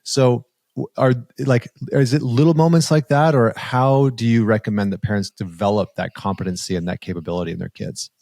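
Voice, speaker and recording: A man hosting a podcast, asking long questions in a relaxed, curious way. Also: medium pitch, brisk, vocal fry, dry recording, clean studio sound. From Canada (Alberta). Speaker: podcast host. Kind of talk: casual podcast interview.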